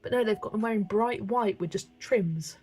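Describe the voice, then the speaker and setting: A young woman, chatting casually and excitably while colouring and answering comments, with music playing softly behind her. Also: mid-range voice, moderate pace, rough recording. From England. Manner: chatty, excitable, laughs often. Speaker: colouring livestreamer.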